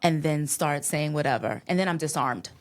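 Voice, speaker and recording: A woman's voice: deep voice, moderate pace. A woman guest on a podcast, talking with emphatic conviction and faith. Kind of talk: casual conversation.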